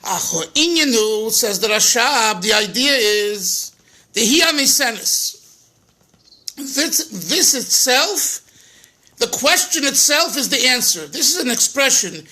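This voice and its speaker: A man's voice: extremely high pitch, lively intonation, slow pace, bright, forceful tone. A man, a rabbi, teaching a Torah class, translating phrases line by line with restarts and chuckles.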